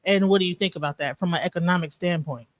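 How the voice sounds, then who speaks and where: A man's voice: high voice, fast, no room sound. A man leads an online panel discussion, circling his point through restarts, "like" and "uh". The recording is dry and close, with very little room sound. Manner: rambling, many restarts and fillers. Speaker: show host. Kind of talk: casual panel talk.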